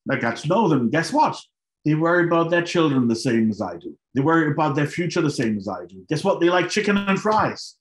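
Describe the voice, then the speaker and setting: A middle-aged man telling his own story to an audience in an animated way, acting out his past thoughts. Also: a little high, fairly quick. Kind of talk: personal storytelling talk to an audience. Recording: roomy hall sound.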